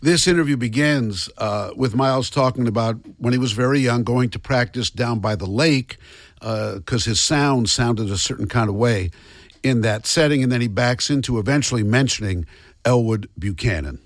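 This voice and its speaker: A man's voice: mid-range voice, normal speed, dry recording, studio quality. A man hosting a radio program, introducing and explaining archive clips in a plain way. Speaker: radio host.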